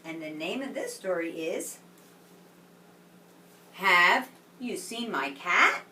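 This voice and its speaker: Woman teacher doing a slow reading lesson for little kids, roomy echo, faint hum behind. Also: on the low side, big pitch swings, sharp tone. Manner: slow, clear, encouraging teacher talk. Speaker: kindergarten teacher. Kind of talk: reading lesson for young children. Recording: echoey room, mic at a distance with faint background hum.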